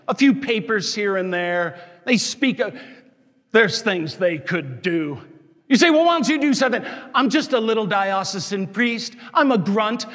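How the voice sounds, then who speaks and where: A man's voice: high-pitched, a bit bright. A man giving a sermon as a Catholic parish priest, preaching in an impassioned, scolding and emphatic way. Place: church. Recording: long church reverb.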